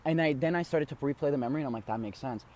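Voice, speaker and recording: A man's voice: on the high side, rapid-fire, a little mellow. A man casually telling a long story on a podcast, rambling with many fillers and swearing freely. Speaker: podcast co-host.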